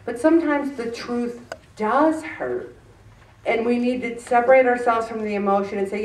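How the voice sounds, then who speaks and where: A woman's voice: a little high, moderate pace, darkish tone, a little hiss or hum. Earnest woman talking in a roomy space. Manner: earnest, conversational, with many restarts. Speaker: host. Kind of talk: faith-based self-help talk. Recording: roomy, distant mic.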